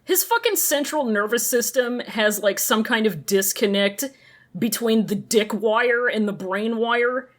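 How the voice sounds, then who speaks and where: A woman's voice: fairly high pitch, unhurried. A woman co-hosting a podcast, chatting casually and animatedly, swearing and laughing often. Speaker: podcast co-host. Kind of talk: casual chat.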